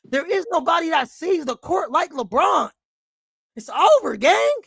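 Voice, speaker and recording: Guy with a real high voice going off on a fan rant, yelling and cussing, super dry close sound. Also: big pitch swings, a little slow, vocal fry, no echo. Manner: angry, profane, often shouting. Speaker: basketball fan show host.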